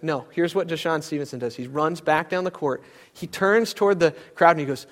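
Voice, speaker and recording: A man's voice: sits high, a little fast, fairly bright tone. A young adult man preaching a sermon, telling stories with animation and acting out other people's voices. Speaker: pastor.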